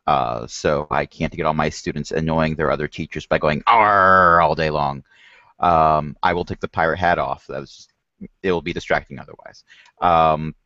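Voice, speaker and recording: A relaxed, joking man teacher with a fairly low voice co-hosts an online session. He explains things casually over a video call. The sound is dull and dry. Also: no echo. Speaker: teacher and co-host. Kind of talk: casual online meeting talk.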